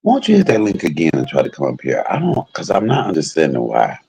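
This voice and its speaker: A man's voice: rumbling low, huge pitch swings, fast talker, darkish tone, poor audio. A man hosting a casual livestream, chatting with viewers in a brash, joking way and cursing freely. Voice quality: gravelly and husky. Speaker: livestream host.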